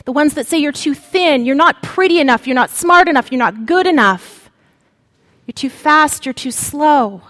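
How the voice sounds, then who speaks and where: A woman preacher giving a sermon, speaking slowly and dramatically with long pauses. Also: high-pitched, expressive, fairly bright tone, in a large hall.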